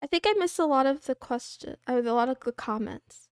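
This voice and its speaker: A young woman with a fairly high voice chats casually on her livestream, reading and answering viewer questions. She rambles softly, teases herself, and drifts into little playful noises. Her voice sits close and dry on the mic, with no room around it. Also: lively intonation, fairly quick, smooth, dry recording. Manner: soft, rambling, self-deprecating with giggles and "wah" noises.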